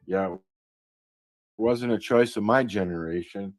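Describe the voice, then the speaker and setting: A man's voice: on the low side, a little slow, no room sound. A man co-hosting a radio show, chatting casually and joking while playing old commercials. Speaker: radio co-host. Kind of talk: casual chat.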